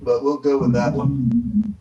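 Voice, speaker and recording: A man's voice: mid-range voice, expressive, slow pace, dark tone, dull audio, a little hiss or hum. A man hosting a casual live-stream chat, rambling and correcting himself as he goes. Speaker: host.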